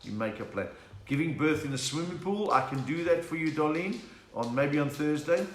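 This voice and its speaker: A man's voice: on the high side, animated, normal speed. A South African man hosting a live stream from home, chatting casually, punning and reading out viewers' names. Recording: echoey room.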